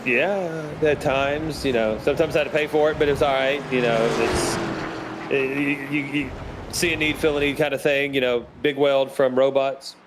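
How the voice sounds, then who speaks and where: A man's voice: medium pitch, normal speed. A man calling play-by-play on a sim racing stream, joking and reading viewer chat aloud. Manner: joking, reads chat aloud, calls passes. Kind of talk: live race commentary with banter. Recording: stream audio with background noise.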